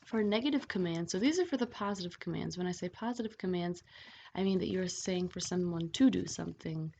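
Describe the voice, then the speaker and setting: Woman teacher w a gravelly voice, keeps asking okay?, kinda muffled recording. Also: lowish voice, fairly quick, darkish tone. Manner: patient, checks in with frequent "okay?". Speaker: Italian language teacher. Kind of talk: explaining grammar over slides. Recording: dull lo-fi voice-over with faint hiss.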